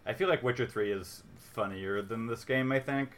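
A man on a casual podcast who muses out loud in a measured way, often trailing off. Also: medium pitch, a little hiss or hum.

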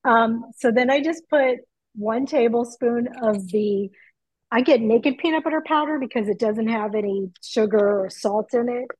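A middle-aged woman chatting excitedly from her home kitchen over a video call, through earbuds. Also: a little high, normal speed, husky, dry recording, low-quality recording. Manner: chatty, excitable, laughs easily. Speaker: guest.

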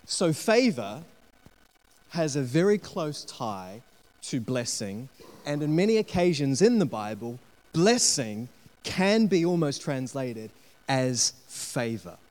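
A man preaching a sermon, telling a personal story with animated delivery and acted-out quotes. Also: mid-range voice. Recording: long hall reverb.

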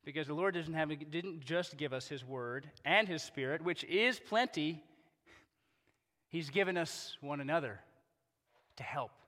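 A male pastor preaching a conversational sermon, animated, with repeated rhetorical questions. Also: a little high, a little slow. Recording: long hall reverb.

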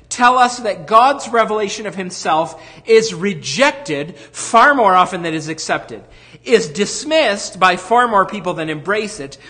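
A man preaching a sermon as pastor, stressing single words and slowing down for emphasis. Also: high voice, bright, forceful tone. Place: church.

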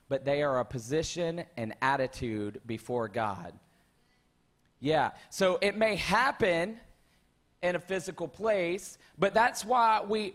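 A man's voice: high-pitched, fairly bright tone. A male pastor preaching a sermon to his church, conversational and calling out to the congregation. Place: church sanctuary.

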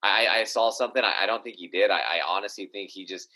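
A man talking casually as a guest, halting and repeating words as he thinks. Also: lowish voice, pushed and bright, rough recording. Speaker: guest fighter. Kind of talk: casual chat.

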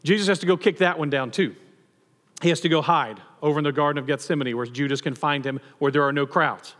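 A pastor giving a sermon in a conversational, animated storytelling manner with touches of humor. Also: male voice, a little high, quick pace, in a large hall.

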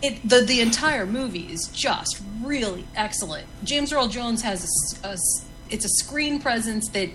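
A woman's voice: on the high side, expressive, normal speed, over music, poor audio. Enthusiastic woman recommending an old film. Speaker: podcast co-host. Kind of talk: casual movie recommendation chat.

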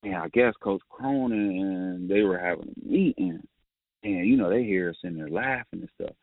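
A man with a low voice, once a college player, tells casual stories as a guest at normal speed. He laughs often and restarts sentences with many fillers. The audio sounds like a phone line, with no room sound.

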